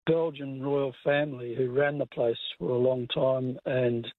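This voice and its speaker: A man's voice: mid-range voice, steady tone, unhurried, no room sound. An Australian man calling in to a radio quiz, chatty and blunt, with many fillers. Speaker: caller. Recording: tinny phone line.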